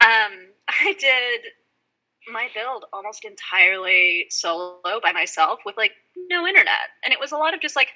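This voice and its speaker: A young woman chatting casually on a podcast, telling rambling, animated stories and acting out quotes. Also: on the high side, moderate pace, poor audio. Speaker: guest van dweller.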